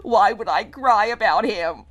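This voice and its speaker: A woman's voice: medium pitch, a little slow, lo-fi sound, soft background music, pitched below the performer's own voice, lightly acted. A woman voicing a bitter, grieving older widow who is drunk, speaking in a weary, resentful way.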